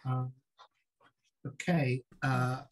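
A man's voice: medium pitch, steady tone, extremely slow, low-quality recording. A man co-hosting a podcast and answering horror trivia, talking casually and searching for words with ums and restarts. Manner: hesitant, with many ums and restarts. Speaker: podcast co-host and trivia player.

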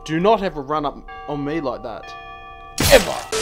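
Give me a young man with a wildly swinging voice, cursing and shrieking through a horror game over loud music. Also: on the high side, expressive, moderate pace, gravelly. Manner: swearing, yelping and shrieking at jump scares. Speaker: gaming YouTuber. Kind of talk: horror game playthrough commentary.

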